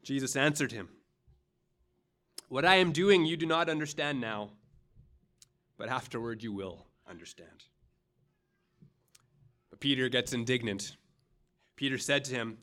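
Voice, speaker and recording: A man preaching a sermon as pastor, earnest and dramatic, pausing often and checking in with the congregation with a quick "right?". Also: mid-range voice, bright, forceful tone. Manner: earnest, dramatic, with pauses and rising emphasis; frequent "right?" asides to the congregation.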